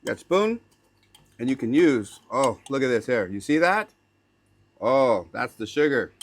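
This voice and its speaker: A man's voice: medium pitch, measured pace. Chatty young man telling a story. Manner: animated, chatty, slangy, lots of "like" and "right?"; slips into learner's Norwegian phrases. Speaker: vlogger. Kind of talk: casual storytelling to camera.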